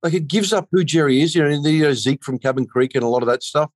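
A man's voice: on the high side, fast talker, dry recording. Rambling actor, man, dry close sound. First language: not a native of the country he is speaking about. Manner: rambling, many you-knows and restarts. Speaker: actor being interviewed. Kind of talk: casual interview chat.

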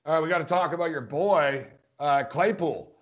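Emphatic high-voiced man, dull audio. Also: normal speed. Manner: emphatic, incredulous, repeats points. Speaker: sports podcast co-host. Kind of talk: casual sports debate.

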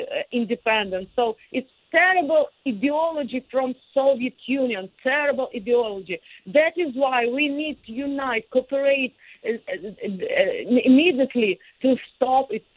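A woman with a Ukrainian accent, a guest on a remote interview, speaking with passion, halting with many fillers and restarts. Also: fairly high pitch, no echo. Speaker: guest, singer and former lawmaker. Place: in Kyiv, remote. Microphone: phone line. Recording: tinny dry phone line.

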